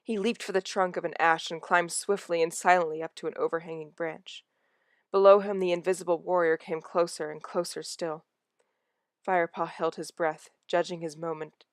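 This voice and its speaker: Woman, audiobook reading, low voice, soft hushed delivery, dry close sound. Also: clear, resonant tone, no room sound. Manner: soft, hushed narration that drops to a whisper in tense moments. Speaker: audiobook reader. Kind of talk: reading a novel aloud.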